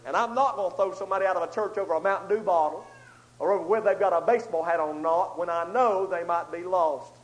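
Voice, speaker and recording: A man preaching a storytelling sermon, swinging between loud outbursts and hushed asides. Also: high-pitched, fast talker, rough recording.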